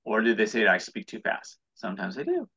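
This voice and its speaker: Gravelly, bright-toned American man. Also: fairly low pitch, wildly swooping pitch, fast talker. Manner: rambling, earnest, with many restarts. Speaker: guest, entrepreneur. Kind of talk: casual interview talk. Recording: dull lo-fi audio.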